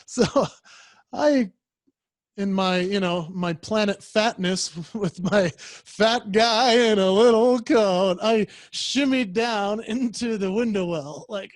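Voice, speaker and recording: Brief: man, high voice, animated storytelling keynote speaker acting out voices, dry close sound on a video call. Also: unhurried, no room sound. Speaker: professional speaker.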